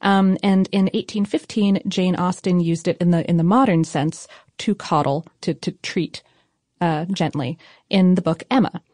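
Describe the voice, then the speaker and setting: A woman's voice: fairly low pitch, normal speed, darkish tone, no room sound, studio quality. A woman co-hosting a podcast who explains food history in a chatty, informal way, with fillers and small laughs. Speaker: podcast co-host. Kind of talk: casual chat explaining history.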